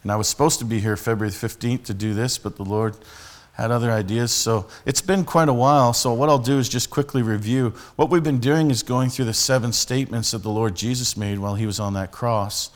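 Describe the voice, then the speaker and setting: A man's voice: medium pitch, steady tone, a little fast, few pauses. Man preaching conversationally. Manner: conversational storytelling with frequent restarts. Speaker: street preacher. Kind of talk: sermon.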